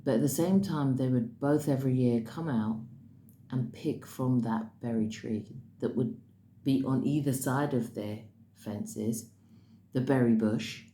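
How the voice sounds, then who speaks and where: A woman's voice: rumbling low, measured pace, mellow. A woman casually retelling a dream as a spiritual message, talking with bursts of emphasis. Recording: roomy echo with faint background noise.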